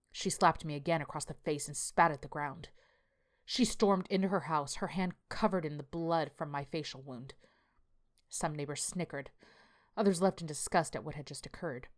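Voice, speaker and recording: A man's voice: a little high, lightly acted. A woman voicing a tired male landscaper, telling his story in a plainspoken, confessional way. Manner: confessional, plainspoken first-person account. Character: weary male landscaper writing a journal.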